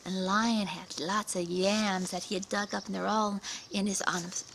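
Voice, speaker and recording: Woman doing a kids book review, dramatic retelling, gasps and whispers, a bit of vocal fry. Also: medium pitch, little pitch movement, normal speed, fairly bright tone, a little hiss or hum, low-quality recording. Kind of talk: casual children's book review.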